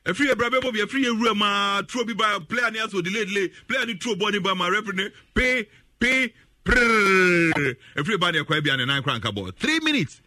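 Ghanaian male football pundit; bright, sharp tone, husky edge, laughs and repeats lines for emphasis. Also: high voice, animated, rapid-fire, hardly any pauses, no room sound, clean studio sound. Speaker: football commentator. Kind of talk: animated sports talk in Twi and English.

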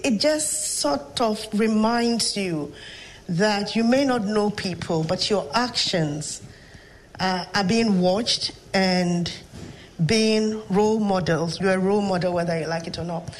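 A woman's voice: medium pitch, slight background noise, rough recording. Reflective Ghanaian woman professor. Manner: storytelling, measured and reflective. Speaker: professor and guest. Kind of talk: interview conversation.

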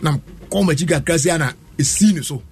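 A man's voice: on the high side, fast, noisy background. A man, telling a long story in a casual chat and laughing often as he goes.

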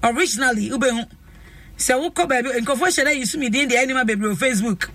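A woman's voice: on the high side, fast, fairly bright tone, no echo, recorded from a distance. A woman with a Ghanaian accent hosting a talk show, effusive and emphatic, stretching out her phrases. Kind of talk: lively talk show chat. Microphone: studio microphone.

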